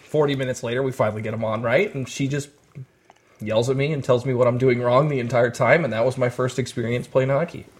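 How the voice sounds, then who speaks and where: Fast-talking man telling a story. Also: mid-range voice. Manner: rapid, animated storyteller. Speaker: podcast guest. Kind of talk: casual chat.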